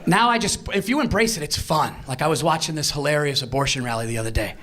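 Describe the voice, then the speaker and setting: A man doing a stand-up comedy set in a live venue, brash and profane, shouting his punchlines. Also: a little high, quick pace, heavy background noise.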